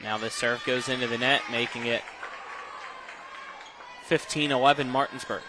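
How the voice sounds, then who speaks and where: Guy doing play by play for a volleyball game, gym noise in the background, quick calls. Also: mid-range voice, crowd noise. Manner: rapid, gets loud and excited on long rallies. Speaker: play-by-play commentator. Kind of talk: live volleyball commentary.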